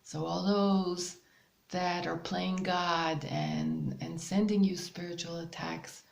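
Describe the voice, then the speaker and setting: A woman hosting a spiritual channel, talking slowly and hesitantly with many pauses and fillers. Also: on the low side, level tone, vocal fry, roomy sound. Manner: slow, hesitant, with many ums and soft laughs. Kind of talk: casual spiritual guidance monologue.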